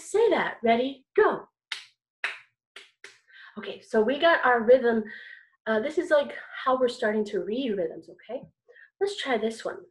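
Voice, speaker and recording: Woman music teacher for little kids, high voice, slow and encouraging, singsongy. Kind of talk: online music lesson for young children.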